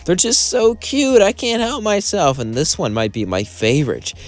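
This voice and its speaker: A man's voice: lowish voice, big pitch swings, unhurried, soft background music. A man voicing a clingy, possessive young woman demon princess in a fan story, sweet on the surface. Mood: gushing. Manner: sweet voice hiding obsession.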